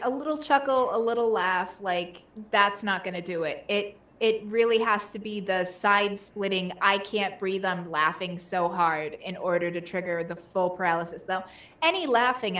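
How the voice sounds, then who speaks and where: A woman's voice: mid-range voice, moderate pace, fairly bright tone, reverberant. A woman in casual chat who rambles with many fillers.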